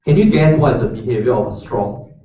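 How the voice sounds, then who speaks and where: A man's voice: medium pitch, expressive, a little fast. Man teaching a workshop in an echoey hall. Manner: casual, chatty, checks in with the audience. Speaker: workshop instructor. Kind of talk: live coding workshop lecture. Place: lecture room. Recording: roomy echo, distant mic, dull lo-fi sound.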